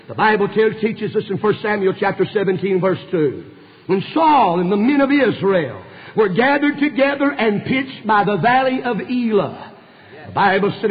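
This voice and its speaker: A man's voice: sits high, breathy edge. A male preacher, preaching an impassioned storytelling sermon full of "uh" fillers. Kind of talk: fervent sermon. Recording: dull recording with long hall reverb.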